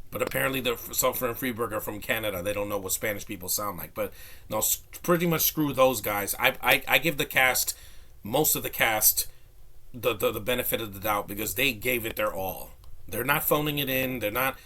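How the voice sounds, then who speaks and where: A man's voice: medium pitch, pushed and bright. A man of Hispanic background giving a casual spoken movie review, rambling with restarts and fillers, recorded on a phone. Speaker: film reviewer.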